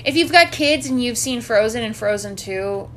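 A woman with a fairly high voice chats casually on a podcast, retelling movie scenes with lively energy and plenty of swearing. There is a faint hiss of noise behind her. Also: normal speed. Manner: animated storyteller, swears freely. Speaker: podcast co-host. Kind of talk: casual chat recapping a movie.

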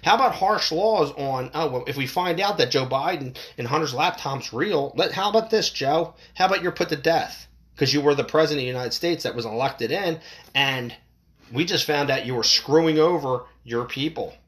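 An adult parent delivering a heated, profane opinion rant to camera, voice jumping higher when worked up. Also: normal speed.

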